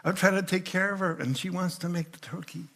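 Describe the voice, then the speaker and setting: An older man giving a storytelling sermon as a guest speaker in church, sometimes voicing the people in his stories loudly. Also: high-pitched, a little fast, gravelly. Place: church sanctuary.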